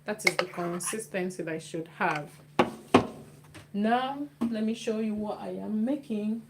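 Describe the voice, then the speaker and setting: Slow-talking woman cooking. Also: mid-range voice. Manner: chatty, repeats phrases while working. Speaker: cooking vlogger. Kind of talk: casual cooking demonstration. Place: home kitchen. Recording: noisy kitchen with clicks.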